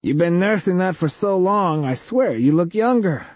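Man voicing exhausted waitress, nasal, flat, high, husky. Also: normal speed, dry recording. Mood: weary.

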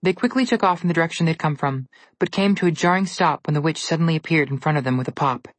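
A woman narrating a storybook in an even, measured reading. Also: deep voice, no echo.

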